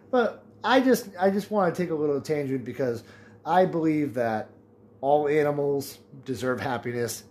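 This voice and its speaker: A man's voice: a little high, darkish tone. A man in his late twenties hosting a casual solo podcast, telling jokes and laughing at his own punchlines. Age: 20s. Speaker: podcast host.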